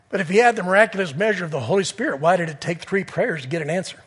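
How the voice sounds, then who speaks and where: A man preaching a sermon in earnest, swinging from loud appeals to hushed near-whispers. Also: high-pitched, animated, very fast, hardly any pauses, slightly rough, long reverb tail.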